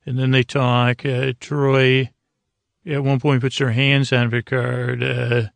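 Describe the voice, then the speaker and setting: A man's voice: medium pitch, little pitch movement, slow pace, vocal fry, no echo. A man hosting a podcast, recapping an episode in a casual, rambling way with playful asides. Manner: rambling, with frequent ums and restarts. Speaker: podcast host.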